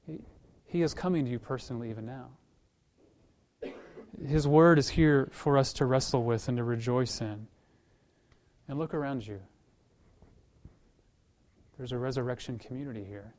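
Animated storytelling male pastor. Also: medium pitch, moderate pace, pauses often. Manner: animated storytelling, acts out quoted voices; conversational, repeats words as he restarts. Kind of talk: sermon with story and prayer.

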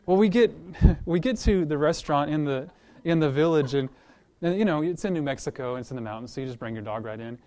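Male pastor, conversational sermon delivery, lively storytelling with acted-out voices, restarts mid-phrase. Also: fairly high pitch, fast, hardly any pauses. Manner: animated storytelling, acts out quoted voices; conversational, repeats words as he restarts.

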